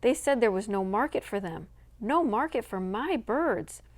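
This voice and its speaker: A woman's voice: lively intonation, brisk, a little mellow, close to an everyday voice. A woman voicing a proud, dignified pioneer mother, speaking raised and emphatic. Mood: indignant. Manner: raised, high-pitched and emphatic.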